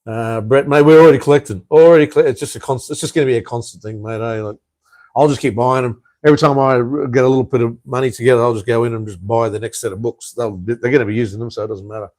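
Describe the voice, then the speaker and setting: A man's voice: mid-range voice, steady tone, fast, a little mellow. An Australian man hosting a casual live stream, chatting loosely and answering viewer comments with lots of fillers, "mate" and "hey". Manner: rambling, with frequent "uh", "mate" and "hey".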